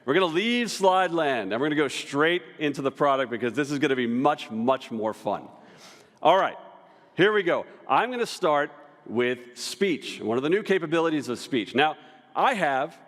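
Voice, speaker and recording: A man's voice: fairly high pitch, expressive, normal speed, a bit bright. A middle-aged man presenting a live product demo at a conference, upbeat and chatty, with casual asides, speaking into a stage microphone in a large hall. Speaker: tech executive presenting a conference session. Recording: hall with long reverb.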